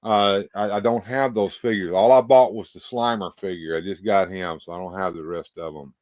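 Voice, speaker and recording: A low-voiced man hosts a casual livestream, sounding tired and a little out of breath. He rambles in halting bursts, stopping and restarting often. The sound is dry, with no room echo. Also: steady tone, a little mellow. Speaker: livestream host. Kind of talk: casual livestream chat, reading viewer comments.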